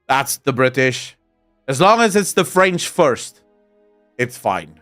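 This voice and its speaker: A man's voice: medium pitch, very animated, slow, a bit bright, soft background music. Sardonic South African man streaming. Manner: sardonic, joking, frequent laughter and swearing. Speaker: streamer reading chat. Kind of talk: casual live-stream chat with profanity.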